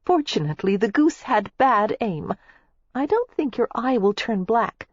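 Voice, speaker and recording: A woman's voice: on the high side, animated, measured pace, husky, no room sound, voice pushed up. A reader voicing a spirited, playful young woman in an audiobook, breathless and teasing. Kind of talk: audiobook character voice. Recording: dull lo-fi dry recording.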